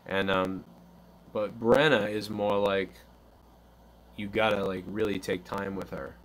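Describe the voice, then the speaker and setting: A man's voice: lowish voice, steady tone, measured pace. A man hosting a live call-in stream, chatting casually in a loose, rambling way and acting out little quotes. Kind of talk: casual chat.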